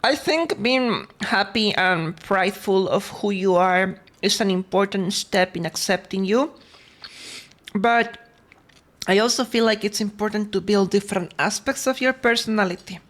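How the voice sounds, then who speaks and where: A woman's voice: medium pitch, unhurried. A woman streamer in casual livestream chat, talking while eating, laughing often and greeting her chat between stories.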